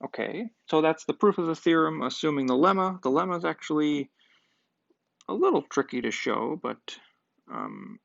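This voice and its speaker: A man's voice: fairly high pitch, very animated, normal speed, vocal fry, dry recording. A man teaching a math lecture, working through a proof step by step and thinking aloud with occasional fillers. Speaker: math professor. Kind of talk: lecture at a board. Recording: dull lo-fi dry sound.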